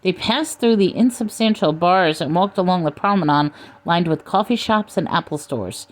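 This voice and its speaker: A woman narrating a comic storybook in a dry, deadpan manner. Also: lowish voice, moderate pace.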